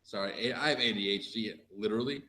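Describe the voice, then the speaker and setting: A man's voice: on the low side, fast, pushed and bright. Rambling man full of "like". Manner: rambling, lots of "like". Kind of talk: casual chat. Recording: echoey room, faint noise.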